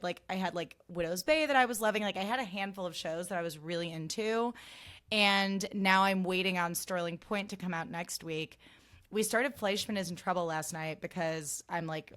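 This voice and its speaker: A woman in her thirties rambles casually on her solo podcast, gushy and sweary, with "like" everywhere. Her voice is on the low side and a bit bright.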